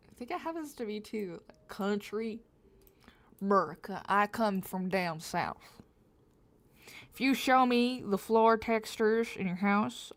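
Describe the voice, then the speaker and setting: A young woman livestreams herself drawing and chats casually, rambling, giggling, and backtracking on her words. She has a slight Southern US accent and a mid-range, fairly bright voice.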